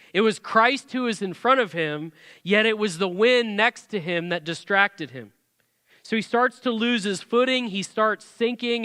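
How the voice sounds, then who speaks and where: A man's voice: sits high, sharp tone, clean tone, dry recording, studio quality, big-room sound. A man, a pastor preaching a sermon in a church sanctuary, talking conversationally with many rhetorical questions.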